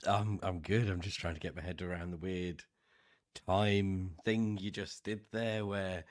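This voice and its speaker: Male co-host, very low voice, dry teasing humour. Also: steady tone, a little slow. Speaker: podcast co-host. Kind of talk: casual livestream chat.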